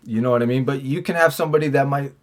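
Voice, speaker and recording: A man's voice: medium pitch, rapid-fire. A man recounts his time behind bars in loose, profane conversation. He stumbles through restarts and fillers. He slips into quoted back-and-forth as he talks. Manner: acts out his own and others' lines in quoted dialogue. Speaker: podcast guest, former prisoner. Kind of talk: casual storytelling interview.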